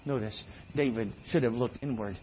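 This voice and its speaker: A man preaching a sermon, swinging between loud exclamations and low, quiet emphasis. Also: moderate pace, lo-fi sound, slight background noise.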